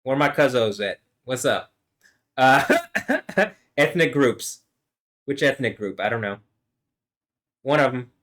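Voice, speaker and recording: A man rambling through a casual solo vlog monologue, swearing often and trailing off into mumbles between louder bursts. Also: medium pitch, measured pace, pauses often. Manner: rambling, profane, swings between mumbling and loud laughing. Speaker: vlogger.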